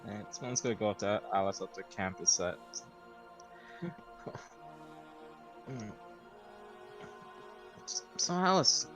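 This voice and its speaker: Slow, hesitant male player. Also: on the low side, music in the background. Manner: hesitant, full of uhs. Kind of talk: casual chat at a game table.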